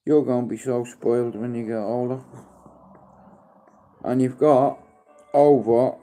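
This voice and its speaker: A man in his fifties on a casual live stream, mixing coaxing sing-song baby talk and sudden loud calls with rambling, heartfelt chat. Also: mid-range voice, fairly even intonation, a little slow, soft background music. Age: 50s.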